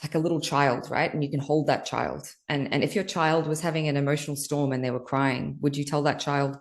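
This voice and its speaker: A woman's voice: low voice, fairly even intonation, a little fast, creaky, hardly any pauses. A woman guest on a podcast, a healer, talking candidly about emotional release in a loose, earnest, filler-heavy way. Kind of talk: candid spiritual interview talk.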